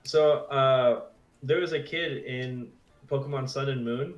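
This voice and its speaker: A young man co-hosting a casual game stream, telling stories and slipping into quick character voices. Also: mid-range voice, roomy sound, lo-fi sound, faint music behind. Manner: animated storyteller, does quick character voices. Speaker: gaming co-host. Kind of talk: casual chat over gameplay.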